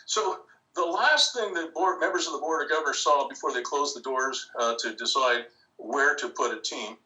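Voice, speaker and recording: Animated older man telling a story. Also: a little high, normal speed, far from the mic, rough recording. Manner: animated, acts out quoted voices. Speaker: interview guest. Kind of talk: storytelling anecdote.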